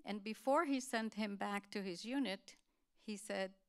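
A woman giving a talk, telling a family story to an audience in an earnest, steady way. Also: medium pitch, a little slow, clear, resonant tone. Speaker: guest speaker.

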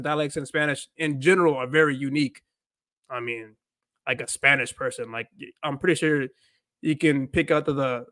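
A man's voice: fairly high pitch, a bit bright, no room sound, studio quality. A man hosting a casual livestream, rambling and repeating himself while mixing in Spanish phrases. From United States. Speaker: livestream host, language learner.

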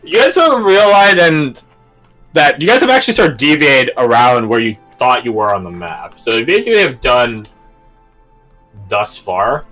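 A man runs a tabletop game in a bright, forward voice. His narration rambles along with plenty of fillers. The pitch rises and falls in lively swings, and soft music hums behind him. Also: normal speed. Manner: chatty, filler-heavy narration. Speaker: game master.

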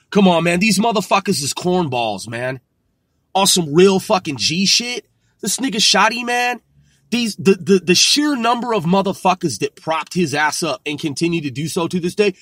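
A man's voice: high voice, lively intonation, moderate pace, fairly bright tone, no echo, studio quality. A man giving a profane, scornful commentary rant. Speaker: commentary vlogger. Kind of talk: ranting commentary.

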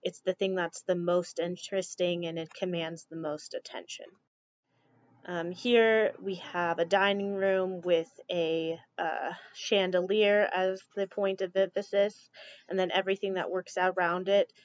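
Woman teacher with a lowish voice. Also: a little slow, no echo. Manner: relaxed, chatty, frequent ums. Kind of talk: classroom slideshow lecture. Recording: dull lo-fi dry recording.

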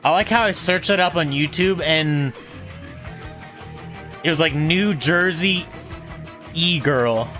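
A man's voice: a little high, takes it slowly, long pauses, bright, forceful tone, soft background music. A young man streaming a video game, rambling and joking with stammered restarts. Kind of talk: casual game commentary.

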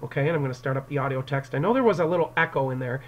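A man's voice: mid-range voice, rapid-fire, dull audio. A male English teacher giving a recorded classroom lecture to his students on an external microphone, explaining the story and acting out quotes from it. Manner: explanatory, addresses students directly, acts out quotes.

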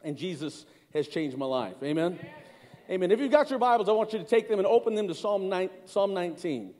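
A man's voice: sits high, animated, fairly quick, darkish tone, big-room sound. A middle-aged man preaching a sermon as pastor, speaking conversationally, repeating words and calling out to the congregation. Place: church sanctuary.

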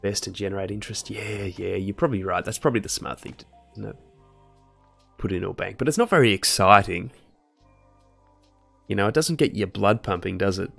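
A man's voice: on the low side, fairly quick, gravelly, long pauses, a bit bright, soft background music. A young man chatting casually with his live-stream chat while he studies medicine. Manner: casual, chatty, laid-back slang.

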